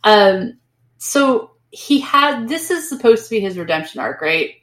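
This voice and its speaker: A woman co-hosting a podcast in casual book-club chat, talking loosely with lots of "like" and acting out characters in quick asides. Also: on the high side, lively intonation. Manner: chatty, peppered with "like", acts out characters. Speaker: podcast co-host. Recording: echoey room.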